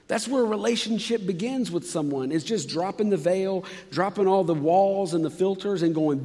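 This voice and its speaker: A man preaching a sermon earnestly, acting out prayers with sudden shifts between loud and quiet. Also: sits high, moderate pace, few pauses, long reverb tail. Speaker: pastor.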